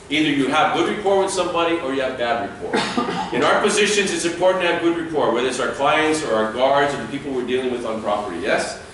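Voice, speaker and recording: A man's voice: on the high side, a little hiss or hum. A man giving a classroom training lecture, acting out short sample dialogues. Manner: lively, demonstrates dialogue with acted lines. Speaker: security trainer. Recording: echoey room, speaker far from mic.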